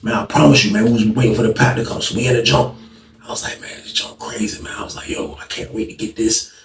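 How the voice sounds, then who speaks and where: A man telling a story from his past in a casual, animated way, full of slang and repeated lines, acting out what people said. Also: lowish voice, quick pace. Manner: animated, slangy, repetitive, acts out quotes. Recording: echoey room, distant mic.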